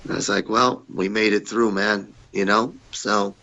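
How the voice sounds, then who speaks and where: A man's voice: on the low side, steady tone, normal speed, bright, forceful tone, lo-fi sound. A man telling blunt, profane stories as a podcast guest, acting out the people he quotes in a raised voice. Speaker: podcast guest, former wrestler. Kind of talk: casual interview storytelling.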